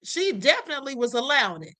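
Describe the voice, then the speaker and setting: A woman's voice: high-pitched, very animated, fast, bright, forceful tone. A woman hosting a livestream, giving outspoken casual commentary on clips and reading viewer comments aloud. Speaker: livestream host.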